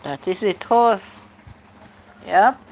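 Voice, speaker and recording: A woman's voice: medium pitch, lively intonation, drawn-out words, a little hiss or hum. A woman hosting a live stream, chatting casually and answering her viewers' comments one by one.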